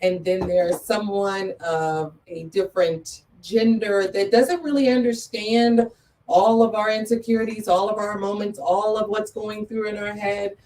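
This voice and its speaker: Earnest woman guest with a mellow voice. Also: medium pitch, steady tone, measured pace, distant mic, poor audio. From Metro Atlanta area. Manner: earnest, emphatic, repeats key phrases. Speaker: guest, photographer and business owner. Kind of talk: interview talk.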